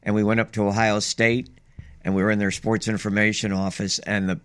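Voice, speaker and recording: A man's voice: fairly low pitch, little pitch movement, a little fast, a bit bright, clean tone. An older man co-hosting a sports radio show, telling long rambling anecdotes in casual chat. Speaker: sports radio co-host and former broadcaster.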